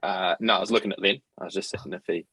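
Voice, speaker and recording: Sweary young New Zealand man, husky. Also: deep voice, fairly even intonation, fast talker, sharp tone, no room sound. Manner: sweary, fired-up banter. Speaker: podcast host. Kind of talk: casual chat.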